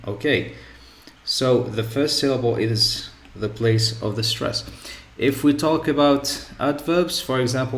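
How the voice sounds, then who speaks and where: In an echoey classroom, a male English teacher gives a grammar lesson, repeating example words. His voice is mid-pitched and his delivery slow and measured.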